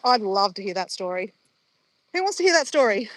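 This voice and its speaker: A woman's voice: mid-range voice, big pitch swings, fairly quick, dry recording. A woman, chatting casually and playfully with live viewers in a bubbly, laughing way.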